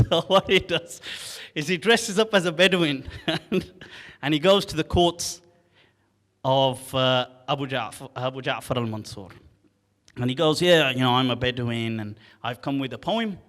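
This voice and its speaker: A man telling a story in a casual, animated way, acting out the characters' lines and reciting classical Arabic poetry in a quick, rhythmic chant. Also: medium pitch. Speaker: Islamic scholar telling a story. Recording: long hall reverb.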